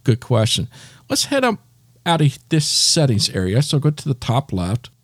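Hosting a tech tutorial, this man has a medium-pitched, husky voice whose pitch swoops wildly, and he keeps a moderate pace. He patiently guides the listener through each gesture step by step, recorded at studio quality with no echo.

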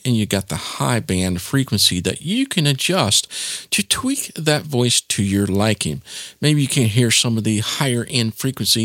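Chatty man with a lively voice. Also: medium pitch, no room sound, clean studio sound. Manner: chatty and informal, with "yep" and "nonetheless" asides. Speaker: tech tutorial presenter. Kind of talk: casual spoken tutorial.

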